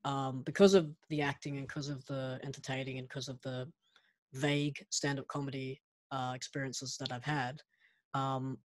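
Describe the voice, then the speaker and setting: A man being interviewed as a guest, telling stories in a lively way and often restarting his sentences. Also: medium pitch, normal speed, dry recording. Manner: animated anecdote-telling with frequent restarts. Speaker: guest, actor and pro wrestler. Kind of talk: casual interview storytelling.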